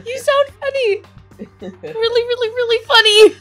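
Very high-voiced giggly woman. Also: steady tone, unhurried, fairly bright tone, no room sound, soft background music. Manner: giggly, breaks into laughter while reading. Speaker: player reading a visual novel aloud.

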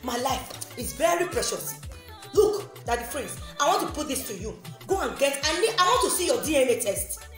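A woman's voice: high-pitched, sing-song, normal speed. A Nigerian woman and mother in a heated, repetitive, confrontational rant. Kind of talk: angry direct-address rant. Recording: roomy echo with faint music.

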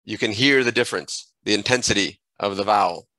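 A man giving a screen-recorded software tutorial, thinking aloud and correcting himself as he clicks through menus at a desk microphone. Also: fairly low pitch, fairly quick, no echo, poor audio.

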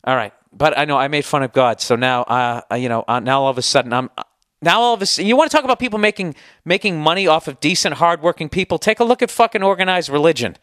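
Man, podcast host, solo rant, sarcastic, swearing a lot, slightly high voice, dry sound. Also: animated, fast, a bit bright, no echo. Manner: profane, sarcastic, heated. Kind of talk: solo podcast rant answering listener email.

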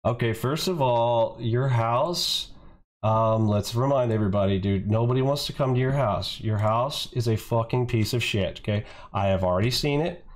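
A man's voice: mid-range voice, moderate pace. Male host, angry profane reaction rant, mocking and insulting throughout. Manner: profane, mocking, repeats "bro". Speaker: trading channel host.

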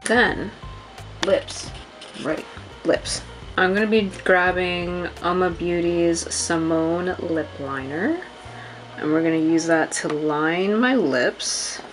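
A woman's voice: on the low side, takes it slowly, faint music behind, rough recording. A young woman chatting casually through a makeup tutorial at home, talking to her viewers as girl and y'all, and often apologizing. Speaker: beauty vlogger.

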